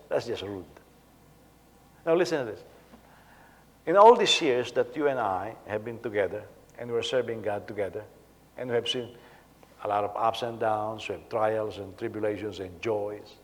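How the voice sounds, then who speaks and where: Pastor guy preaching, stops and repeats himself a lot, mid voice, big hall echo. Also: mid-range voice. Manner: animated, halting with repeated words. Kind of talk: sermon. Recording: long reverb of a hall.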